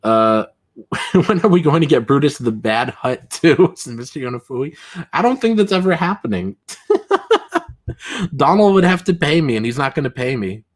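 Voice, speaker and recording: A man's voice: a little high, big pitch swings, a little slow, pauses often. A man hosting a casual livestream, rambling and chatty, full of fillers and chuckles. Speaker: livestream host.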